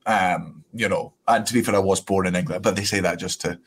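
A man's voice: deep voice, brisk, slightly rough. A man with a Scottish accent, a comedian chatting as a podcast guest, laughing often and swearing freely. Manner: laughing, swearing, lively storytelling. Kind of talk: casual podcast chat.

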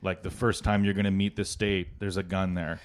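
A low-voiced man co-hosting a comedy podcast. He rambles in a loose, casual way, with lots of filler words. He swears freely. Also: level tone, moderate pace. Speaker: podcast co-host.

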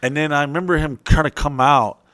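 A young adult man telling a profane, animated story on a podcast, acting out his friends' voices. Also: fairly high pitch, a little fast, dry recording. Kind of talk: crude storytelling.

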